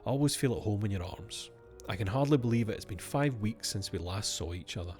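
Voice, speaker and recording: A man's voice: lowish voice, lively intonation, fast talker, darkish tone, soft background music. A man streaming a game, reading its letters aloud and breaking off for wry asides to himself.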